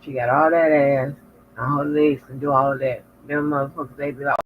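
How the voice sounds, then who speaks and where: A woman's voice: deep voice, little pitch movement, normal speed. A woman vlogger chatting frankly and profanely with her viewers, telling stories in a loose, candid way. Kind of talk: casual chat to viewers. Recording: lo-fi with faint noise.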